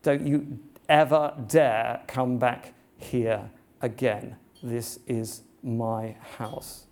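A patient, authoritative Jesus speaks with quiet firmness in a slightly higher register than usual. A male preacher gives the voice within a sermon story. It is everyday storytelling rather than theatre. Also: measured pace. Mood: stern. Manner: patient, reasoning, then stern. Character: Jesus, calm and authoritative grown man.

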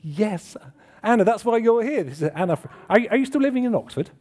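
Talking fast and animatedly, a man with a high-sitting, dark voice gives a relaxed sermon. He asks his congregation in the church hall questions and laughs at his own expense.

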